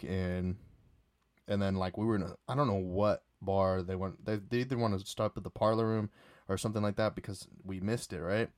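A man with a lowish voice tells a long night-out story on his own podcast. He rambles, stops and starts, and fills gaps with "uh" and "like". The sound is close and dry, with no room around it. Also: dry recording. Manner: rambling, many fillers and restarts. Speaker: podcast host. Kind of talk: casual solo storytelling.

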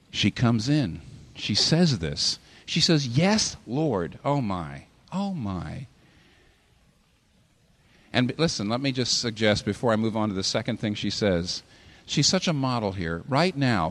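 A pastor preaching a sermon in a hall, with animated delivery that rises and falls sharply for emphasis. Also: male voice, medium pitch.

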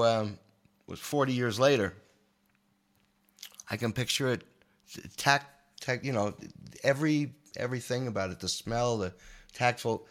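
This podcast guest, a guitarist in his sixties, recounts an emotional story with manic animation and lots of repeated words, speaking in a mid-range voice.

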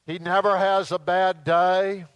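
A visiting preacher delivers a sermon at an unhurried, drawn-out pace. His voice sits a little high for a man, and he leans on dramatic pauses to stress his points. The recording is dry, with little room sound. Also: level tone, smooth, no room sound.

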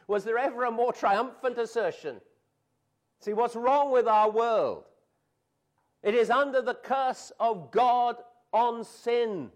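A man preaching a sermon with slow, deliberate phrasing, dropping to a hush and rising to emphatic declarations. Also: extremely high pitch, big pitch swings.

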